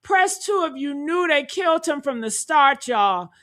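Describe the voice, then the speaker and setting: A woman giving heated, profane reaction commentary, talking loudly and indignantly and calling out to her viewers. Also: sits high, animated, measured pace. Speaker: commentary streamer.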